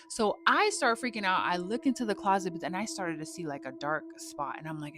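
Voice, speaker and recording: A woman's voice: mid-range voice, animated, brisk, hardly any pauses, background noise. A woman telling a personal story in a casual, slangy way, swearing freely as she goes.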